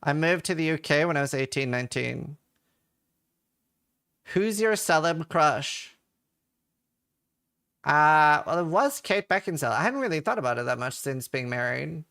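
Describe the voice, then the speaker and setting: A man's voice: on the high side, expressive, normal speed, creaky, pauses often, fairly bright tone, clear, resonant tone. A man from Norway, a game streamer, chatting casually and reading his chat aloud with offhand swearing.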